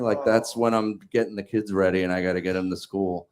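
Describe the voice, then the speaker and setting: A man's voice: deep voice, fairly even intonation, a little fast, a little mellow, a little hiss or hum. A man telling a stand-up story in an exasperated, profane way. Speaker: comedian telling a story on stage.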